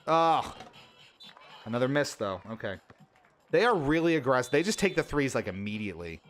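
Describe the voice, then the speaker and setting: Soft music plays behind a man's medium-pitched voice at normal speed as he streams a sports game. His commentary is animated and exasperated, breaking into frustrated venting when teammates blow easy shots.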